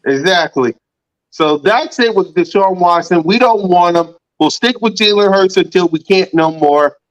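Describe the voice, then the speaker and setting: A man's voice: sits high, expressive, normal speed, highs cut off. A man hosting a casual sports podcast, laid-back and repeating his catchphrases. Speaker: podcast host.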